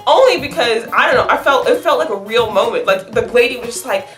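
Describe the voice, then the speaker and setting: A woman chatting excitedly through a casual movie review, laughing often as she talks. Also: on the high side, quick pace. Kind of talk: casual spoiler review chat. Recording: echoey room with faint music.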